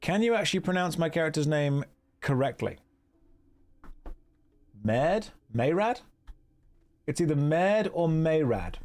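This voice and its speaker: Lively English man streaming a game. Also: a little high, a little fast. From England. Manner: chatty, wry and teasing, thanks donors warmly. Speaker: streamer playing an online game. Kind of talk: casual live-stream chat, reading out viewer messages.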